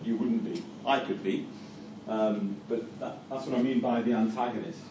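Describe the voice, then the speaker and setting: A man's voice: medium pitch, fairly even intonation, normal speed, background noise. A man teaching a class about songs, putting a string of rhetorical questions to his listeners. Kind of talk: lecture on analysing songs. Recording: echoey room, mic from far off.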